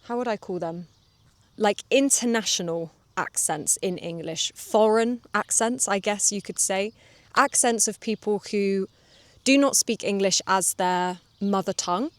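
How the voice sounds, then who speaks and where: A woman hosting a relaxed English-learning podcast, explaining things calmly and drawing out her vowels. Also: mid-range voice, measured pace, no room sound. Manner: calm, explanatory, draws out vowels. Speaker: English teacher and podcast host.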